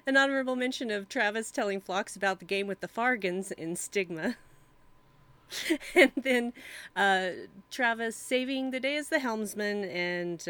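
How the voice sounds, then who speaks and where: A woman's voice: on the low side, a bit bright. Giggly woman gushing in casual chat. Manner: giggly, gushing, laughs often. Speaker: podcast co-host.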